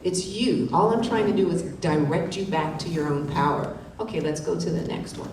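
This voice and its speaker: A woman's voice: lowish voice, moderate pace. A woman leading a wellness workshop, coaching the room and checking in with "right?" after her points. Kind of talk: live workshop presentation. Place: conference hall. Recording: very echoey hall, distant mic, faint noise.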